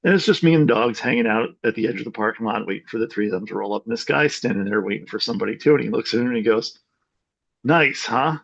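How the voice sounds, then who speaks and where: A man in a group call telling a funny story, animated and swearing freely. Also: fairly low pitch, rapid-fire, creaky, hardly any pauses, slightly rough, dull audio. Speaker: group member. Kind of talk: casual storytelling.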